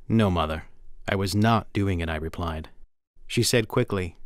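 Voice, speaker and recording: Documentary reader, man, low voice, earnest and measured, dry sound. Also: dry recording. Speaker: voice actor reading a memoir. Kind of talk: documentary narration, first-person reading.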